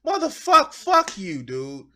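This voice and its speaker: High-pitched profane ranting man. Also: wildly swooping pitch, takes it slowly, pushed and bright. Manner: profane, emphatic, repeats phrases. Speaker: streamer. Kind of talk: ranting political commentary.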